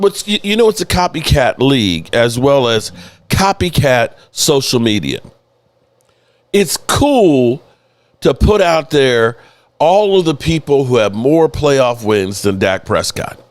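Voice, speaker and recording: A man's voice: on the high side, no room sound. A man hosting a live sports talk stream, loose and joking, swearing freely as he greets viewers by name. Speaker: host of a sports news channel.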